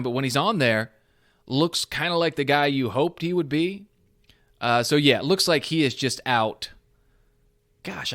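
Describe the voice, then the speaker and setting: A man's voice: mid-range voice, clear, resonant tone. A young man hosting a solo sports podcast, talking animatedly and thinking aloud, often poking fun at himself. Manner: animated, self-deprecating, thinking aloud with restarts. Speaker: podcast host.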